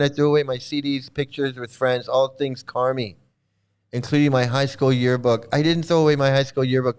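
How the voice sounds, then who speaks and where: A man chatting casually and rambling, swearing freely, often laughing and mimicking others in quick asides. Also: a little high, clean tone. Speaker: streamer answering chat. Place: home in Thailand.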